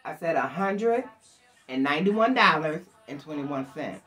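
A woman's voice: sits low, a little slow. Chatty older woman showing off her bargains. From Buffalo, New York. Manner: chatty, animated, addresses viewers directly. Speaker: thrift haul vlogger. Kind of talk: casual chat to camera. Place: at home, alone. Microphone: camera.

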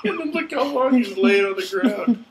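A man giving casual gameplay commentary, rowdy and excitable, laughing and swearing a lot. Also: very high-pitched, normal speed, crowd noise. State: intoxicated. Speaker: let's play host. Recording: echoey room with loud noise.

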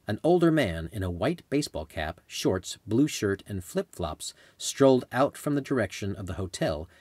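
A man reading his own travel memoir aloud in measured, descriptive storytelling. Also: lowish voice, no echo. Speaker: author narrating his memoir. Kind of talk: scripted audiobook narration.

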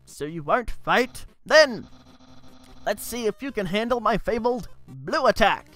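A man voicing a loud, goofy, boastful young skeleton in a video game, making big self-important proclamations. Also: high voice, big pitch swings, unhurried, faint music behind, pitched above the performer's own voice, exaggerated voice. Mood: challenging. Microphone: headset.

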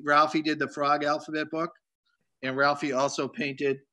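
A man's voice: on the high side, flat delivery, moderate pace, sharp tone. A man hosting a video call, joking around and reading out greetings from viewers. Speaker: host. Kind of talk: casual chat on a video call.

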